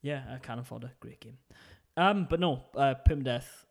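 A man's voice: medium pitch, moderate pace, vocal fry. Chatty Welsh man. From Wales. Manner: rambling, chatty storytelling. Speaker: podcast co-host. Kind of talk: casual chat.

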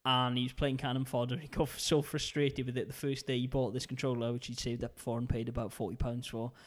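This Welsh man co-hosts a casual gaming podcast, rambling chattily through his stories. His voice sits in the mid range with little pitch movement, and he talks fast.

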